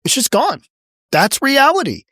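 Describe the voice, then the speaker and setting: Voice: high voice, wildly swooping pitch, measured pace, a bit bright, no room sound, clean studio sound. A political commentary host delivering blunt, mocking opinion commentary with repeated emphasis. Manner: sarcastic, mocking. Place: home in Washington State.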